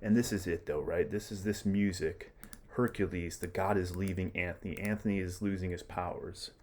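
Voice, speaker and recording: A man's voice: sits low, fairly even intonation, moderate pace, darkish tone, slight background noise. A man teaching a play in a casual, chatty lecture, full of fillers and small chuckles. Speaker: literature teacher.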